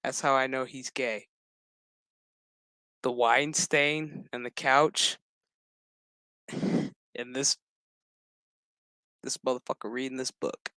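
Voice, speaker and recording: A man's voice: medium pitch, fairly even intonation, takes it slowly, pauses often, pushed and bright, no echo. A man streaming a casual reaction review of a show to his chat, retelling scenes in a sassy, profane, exaggerated way. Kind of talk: casual crude reaction commentary.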